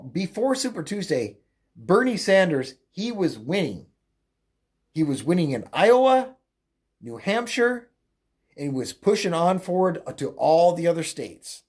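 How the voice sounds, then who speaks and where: This opinionated solo rant comes from a political commentator with a medium-pitched, slightly mellow and somewhat rough voice. The delivery is mocking and crude, full of fillers and self-corrections, with frequent laughter at his own jokes.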